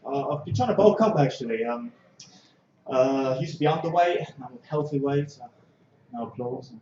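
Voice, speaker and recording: A man with a high, lively voice performs a stand-up comedy set, chatting casually and then bursting into shouts when he acts out a scene. His voice sounds roomy and a little muffled, as if caught in a small club. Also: moderate pace, a little hiss or hum.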